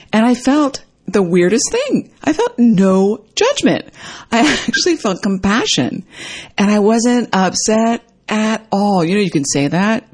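Woman, husky low-ish voice, animated personal storyteller who mimics the voices in her anecdotes. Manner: animated, acts out quoted dialogue with big pitch jumps.

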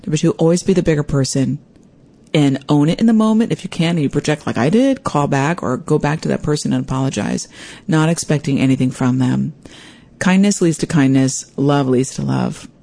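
A woman hosting her own podcast, telling a personal story in a lively way and acting out what people said. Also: sits low, fairly quick, gravelly. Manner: animated, acts out quoted voices. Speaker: podcast host.

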